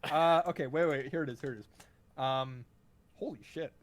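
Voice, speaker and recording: A man's voice: medium pitch, moderate pace. A man narrating as game master of a tabletop game, casual and full of ums and asides.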